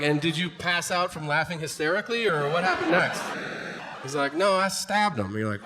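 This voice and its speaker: Comedian guy on stage, high-ish voice that swings up and down a lot, acting out bits. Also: fairly quick. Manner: animated storytelling, acts out voices and shouts. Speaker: stand-up comedian. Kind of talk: stand-up comedy set. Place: comedy stage before a live audience. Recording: live room with audience noise.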